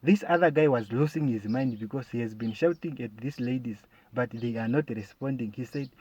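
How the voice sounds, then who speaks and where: A man performing a stand-up comedy monologue, animated and bursting into loud shouted calls. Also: mid-range voice, fairly quick, few pauses, slightly rough, no room sound. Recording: dull lo-fi recording.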